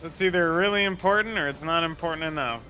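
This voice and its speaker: A man's voice: on the high side, fast talker, pushed and bright, soft background music. A man playing a tabletop game, asking hesitant questions and joking casually. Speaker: player.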